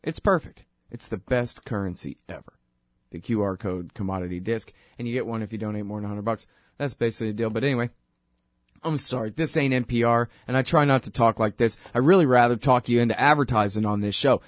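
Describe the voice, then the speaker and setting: A man at mid pitch hosts his own talk radio show, talking loosely and wryly between topics. The sound is close and dry, with no room around it. He drifts from aside to aside in a chatty way. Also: no room sound. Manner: rambling, wry, conversational, quick asides. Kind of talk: casual monologue.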